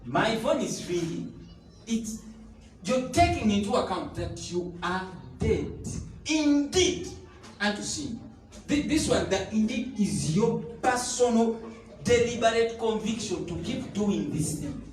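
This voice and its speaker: High-voiced man preaching, echoey. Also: animated, slow pace, distant mic. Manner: emphatic, repeats key phrases, bursts into tongues and sung lines. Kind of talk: sermon. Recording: echoey room, voice somewhat off the mic, faint noise.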